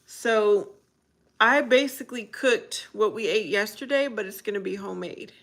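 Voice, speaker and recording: A woman's voice: medium pitch, normal speed. A woman hosting a casual livestream, chatting with viewers, reading their comments aloud and laughing often. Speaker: livestream host.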